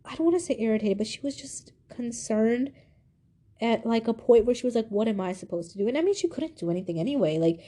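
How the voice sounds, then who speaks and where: Young woman vlogger, slightly high and mellow voice, candid and rambling storytelling. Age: young adult. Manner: candid, rambling, full of "like" and "you know". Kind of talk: casual personal storytelling.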